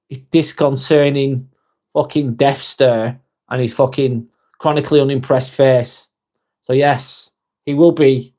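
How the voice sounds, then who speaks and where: A man's voice: mid-range voice, a little mellow. A man hosting a casual live stream on his phone, reading out viewer comments with dry jokes and casual swearing.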